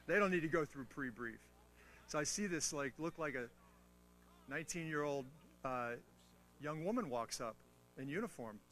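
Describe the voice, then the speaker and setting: A guest speaker on mentoring gives a motivational talk to a military audience, spinning animated stories full of playful, self-mocking asides and teasing humor. His voice is a little high, his pace normal, and he pauses often. There's slight background noise.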